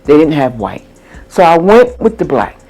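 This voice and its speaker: A woman's voice: deep voice, sing-song, moderate pace, mellow. A woman hosting a casual crafting how-to vlog, chatty and upbeat, talking straight to her viewers. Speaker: crafting vlogger.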